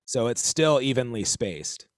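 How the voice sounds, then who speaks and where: A man's voice: mid-range voice, lively intonation, a little slow, no room sound. Man explaining drum beats in a dry room. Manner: rambling, counts beats aloud, self-correcting. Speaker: drum teacher and stream host. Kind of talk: casual explanation of drum rudiments.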